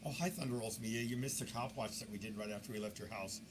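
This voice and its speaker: A man narrating security camera footage as a video commentator, telling the story in a lively way with mocking asides. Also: lowish voice, quick pace, background noise.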